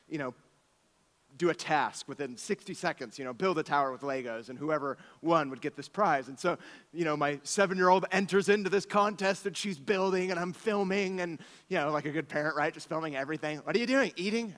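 A man in his thirties, a pastor preaching a sermon, telling stories with animated swings from soft asides to exclamations. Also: on the high side, fairly quick, big-room sound.

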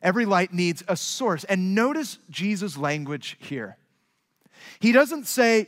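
A man preaching a sermon as pastor, with emphatic, repetitive rhetoric that swings between quiet low asides and raised, urgent stresses. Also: expressive, a little slow. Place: large church sanctuary. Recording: long hall reverb.

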